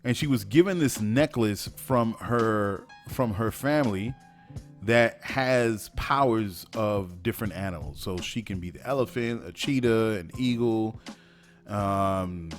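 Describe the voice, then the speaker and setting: A man's voice: on the low side, unhurried, soft background music. A man hosting a podcast, giving opinionated solo commentary with many fillers and restarts. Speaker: podcast host.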